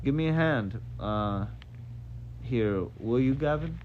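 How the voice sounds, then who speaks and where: A man's voice: medium pitch, expressive, slow pace, lo-fi sound, slight background noise, pitched above the performer's own voice. A man reading aloud, voicing a friendly, tired young male midshipman.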